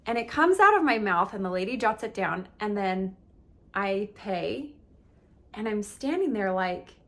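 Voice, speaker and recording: Brief: female coach, gravelly vocal fry, candid and emotional storyteller, chatty fillers. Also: mid-range voice, animated, a little slow, fairly bright tone. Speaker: relationship and meditation coach. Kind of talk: personal storytelling in a coaching talk.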